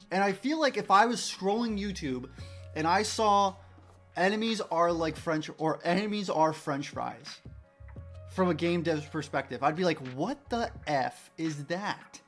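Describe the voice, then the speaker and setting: A man chatting casually to his viewers on a livestream as a game developer, rambling excitedly and restarting his sentences often. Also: a little high.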